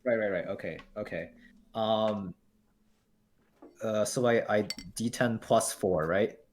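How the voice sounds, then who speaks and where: A man's voice: fairly low pitch, slow, darkish tone, a little hiss or hum. A man playing a tabletop game, hesitant and unsure of the dice rules. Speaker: player. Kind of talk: tabletop role-play.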